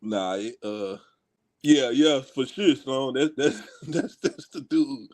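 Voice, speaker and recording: A man from Houston telling a story in casual talk with friends, animated and slangy, laughing as he goes. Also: mid-range voice, slow. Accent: Houston, Texas. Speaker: podcast co-host.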